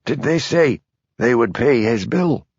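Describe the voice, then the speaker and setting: A man reading aloud, voicing a sleepy, wary plump older man who talks slowly and grumbles. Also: medium pitch, expressive, husky, dry recording, muffled recording, pitched above the performer's own voice. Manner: slow, grumbling.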